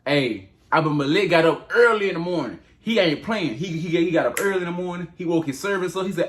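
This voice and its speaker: A man's voice: fairly high pitch, animated, fast, hardly any pauses. A man retelling a Bible story in casual, slangy speech, talking straight to his audience. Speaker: channel host retelling Bible stories.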